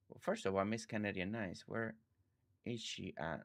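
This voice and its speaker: A man's voice: on the low side, moderate pace. A man live-streaming a farming game, chatting casually with his viewers and thanking them by name. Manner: friendly, reads chat aloud, warm thanks to viewers.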